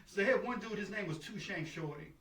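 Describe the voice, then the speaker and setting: A man's voice: high voice, animated, brisk, over a noisy crowd. A man hosting a casual podcast chat, telling prison stories with many stammered restarts. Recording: roomy, from a distance.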